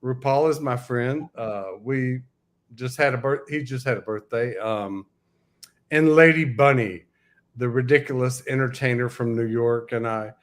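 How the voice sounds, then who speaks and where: Older man, sixties, livestream host, wry joking storyteller, casual chat, mid-pitched voice. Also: steady tone, a little slow. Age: 60s.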